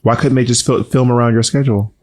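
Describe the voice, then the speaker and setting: A man co-hosting a casual chat, speaking softly and holding back his voice after surgery, teasing and mock-indignant. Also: medium pitch, fairly even intonation, fast. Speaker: podcast co-host.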